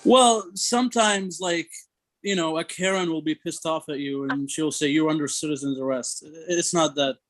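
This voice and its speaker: A man joins a casual chat and asks skeptical, probing questions. His voice sits somewhat high for a man. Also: moderate pace, fairly bright tone, rough recording.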